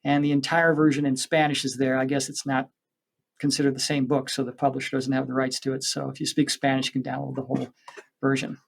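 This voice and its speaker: A man's voice: medium pitch, monotone, fast talker, gravelly. A man who is an author and spiritual counselor, giving interview answers with earnest, preachy conviction.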